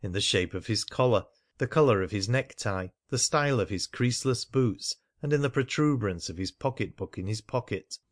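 Low-voiced man narrating an audiobook. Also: lively intonation, fairly quick, few pauses. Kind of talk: scripted narration.

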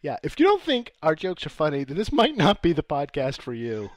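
A man's voice: on the high side, huge pitch swings, brisk, no echo. Dry-voiced man recapping wrestling, laughing. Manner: profane, laughs often, recaps match play-by-play. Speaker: podcast co-host. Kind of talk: casual comedy podcast chat.

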